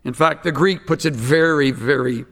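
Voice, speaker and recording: A man preaching an expository sermon, emphatic and slowing down to stress key phrases. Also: a little high, creaky, fairly bright tone, long reverb tail.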